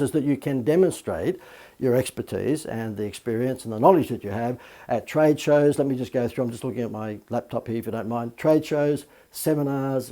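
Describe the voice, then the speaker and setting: A man's voice: medium pitch, mellow. A middle-aged man who is a marketing coach, giving a casual spoken lesson on marketing with lots of fillers and the odd "okay?" tag. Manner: chatty, many fillers, asks "okay?". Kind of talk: casual video talk on marketing.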